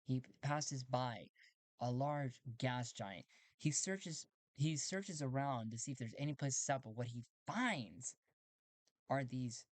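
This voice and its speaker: A man's voice: mid-range voice, no echo. A man playing a solo tabletop game, narrating as he thinks aloud, correcting himself often and laughing easily.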